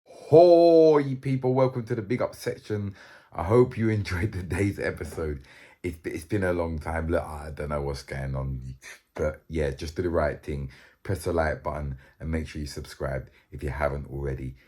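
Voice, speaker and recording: A man's voice: very deep voice, fairly even intonation, normal speed, darkish tone. A young man, chatting to camera in a casual, joking, slang-filled way. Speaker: vlogger.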